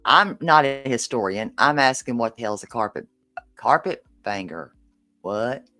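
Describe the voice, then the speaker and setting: A woman's voice: extremely low pitch, expressive, moderate pace, bright, forceful tone, soft background music. A woman from Tennessee with a Southern accent, streaming live and reacting to a video with incredulous exclamations and frequent swearing. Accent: Southern American.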